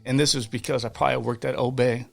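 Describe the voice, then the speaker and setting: Man, podcast guest, fervent storytelling, middle pitch, gravelly, faint music behind. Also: flat delivery, quick pace. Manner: earnest, fervent, many restarts and repeated words. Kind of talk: casual interview storytelling.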